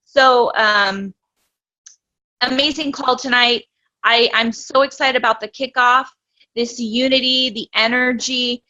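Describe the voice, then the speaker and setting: Woman, bright tense voice, motivational, dull lo-fi video call audio. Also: a little high, fairly even intonation, unhurried. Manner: enthusiastic, motivational. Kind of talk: casual video call chat.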